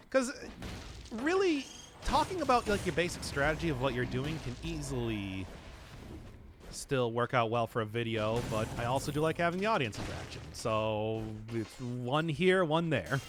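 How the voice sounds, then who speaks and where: Lively chatty male game streamer. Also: a little high, a little hiss or hum. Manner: chatty and rambling, talking to chat while playing. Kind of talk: casual gameplay commentary.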